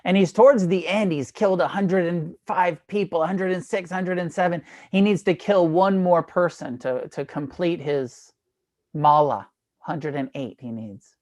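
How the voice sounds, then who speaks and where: A man's voice: sits high, normal speed. A man giving a dharma talk as a meditation teacher, retelling a story in a casual, irreverent way with swearing and laughs. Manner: casual and irreverent, with profanity and fillers; animated retelling with frequent laughs.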